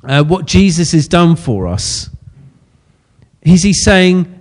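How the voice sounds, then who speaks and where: A man's voice: a little high, expressive, slow pace. A man preaching a sermon in a chatty, self-deprecating way, laughing often at his own slips.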